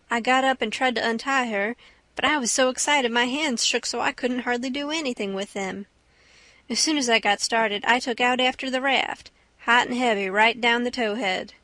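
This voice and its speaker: A woman reading an audiobook in a steady storytelling manner. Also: on the high side, no echo. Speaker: audiobook narrator. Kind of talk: audiobook narration.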